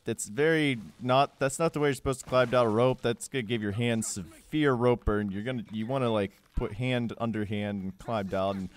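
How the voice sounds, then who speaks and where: A man's voice: mid-range voice, normal speed, few pauses. A young man giving a casual, joking game walkthrough voice-over, rambling with sarcastic asides. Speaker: gameplay guide narrator.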